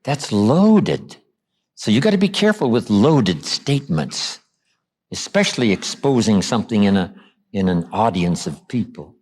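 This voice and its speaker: A man giving a motivational seminar lecture. He tells stories, acts out quoted lines, and slows down and drops low for emphasis. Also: sing-song, a little mellow. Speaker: motivational speaker.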